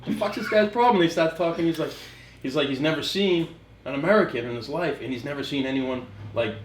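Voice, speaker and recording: A man, a trainer, telling rough stories in casual chat, swearing and laughing through them. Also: on the high side, fast talker, echoey room, a little hiss or hum. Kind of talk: casual storytelling.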